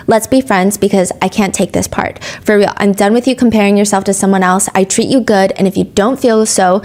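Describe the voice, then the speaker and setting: Woman podcast host, earnest true crime narration, slightly high voice. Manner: earnest storytelling, rises in pitch when reading emotional texts aloud. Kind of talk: narrating and reading court testimony.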